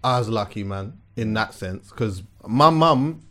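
A young man hosting a podcast, talking in a relaxed, reflective way with plenty of slang. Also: lowish voice, a little slow. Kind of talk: casual chat.

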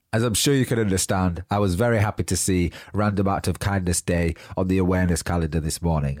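Male podcast host, congested and nasal, breathless, low voice, dry close sound. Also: darkish tone, no room sound. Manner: upbeat and encouraging despite pauses for breath. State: blocked nose, out of breath. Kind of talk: solo motivational podcast talk.

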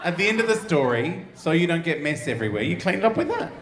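A man's voice: fairly high pitch, very animated, fast. A man teasing the others with crude jokes as a comedian panelist. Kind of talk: live comedy panel banter. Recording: echoey live venue with loud noise.

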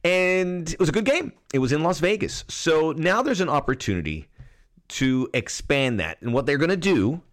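A man's voice: on the high side, sing-song, moderate pace. A man hosting a soccer podcast, talking in a rambling, chatty way with frequent restarts. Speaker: podcast host. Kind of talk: casual podcast chat and commentary.

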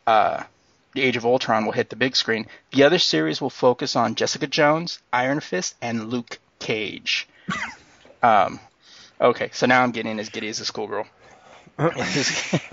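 Gravelly man chatting excitedly about news. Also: mid-range voice, no echo, dull audio. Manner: excited, laughs often, reads news with fillers. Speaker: podcast co-host. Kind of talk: casual news chat.

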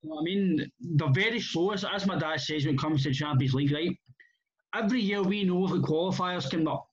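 Scottish male host, casual football rant, blunt and rambling, a bit high-pitched, muffled recording. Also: brisk, a crowd in the background. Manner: blunt, swearing, rambling restarts. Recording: muffled lo-fi audio.

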